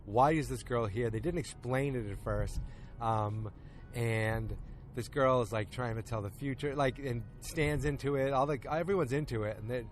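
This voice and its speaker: A man at a middling pitch talks through a TV episode as a podcast host, rambling and casual. He jumps into the characters' lines, tossing off quick quoted bits as he goes. He is outdoors in a park with faint music in the background. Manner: retells scenes by acting out lines in quick quotes.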